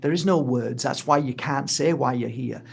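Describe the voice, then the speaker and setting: A man's voice: medium pitch, moderate pace, vocal fry, slight background noise. A middle-aged man who teaches energy healing and founded his own course, talking in a casual, earnest and heartfelt monologue. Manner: earnest and heartfelt, acts out little quoted exchanges. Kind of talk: casual spoken monologue to camera.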